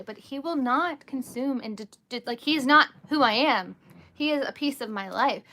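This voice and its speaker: A woman in her thirties talks casually on a live stream from her home. Her voice sits fairly high and rings bright and forward. She rambles from one story to the next in an animated way.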